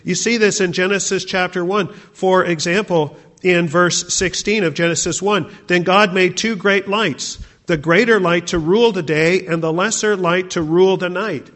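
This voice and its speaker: A man's voice: sits high, fairly even intonation, moderate pace, hardly any pauses, a bit bright. A male pastor preaching a sermon, asking the congregation rhetorical questions.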